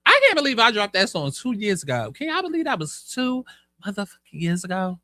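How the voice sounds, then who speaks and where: A man hosting a casual commentary show, sassy and profane, animated as he dishes the news. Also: high voice, brisk. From United States. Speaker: host.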